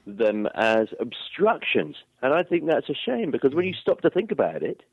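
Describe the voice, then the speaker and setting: A man's voice: mid-range voice, very animated, normal speed, slightly rough, no room sound. An English man from England, a guest author speaking thoughtfully and articulately in a phone interview. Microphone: phone line. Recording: tinny phone line.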